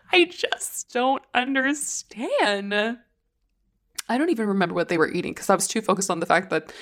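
Chatty woman podcast host rambling. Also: mid-range voice. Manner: gushing, rambling, heavy "like" filler, swears casually. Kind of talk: casual solo podcast chat.

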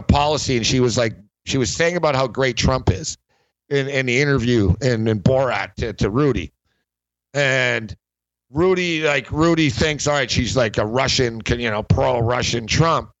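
A man's voice: medium pitch, a bit bright, dry recording. Male podcast host, loose rambling chat full of fillers, muffled lo-fi mic. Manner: rambling, filler-heavy, laughs often. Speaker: sports betting podcast host. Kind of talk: casual chat.

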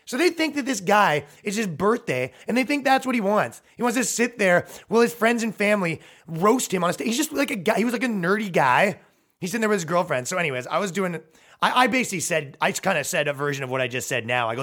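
A man hosting a podcast, telling a comedic story in a profane, rambling, animated way. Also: a little high, brisk.

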